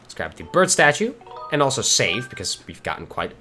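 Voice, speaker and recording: Excitable man streaming a game. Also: mid-range voice, brisk, soft background music. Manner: excitable, swears and laughs often. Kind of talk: casual gameplay commentary.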